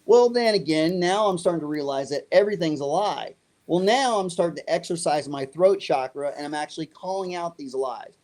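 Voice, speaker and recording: Talking fairly quickly in a slightly high voice, a middle-aged interview guest animatedly recounts a story. He voices the other characters himself, performing their dialogue as he goes.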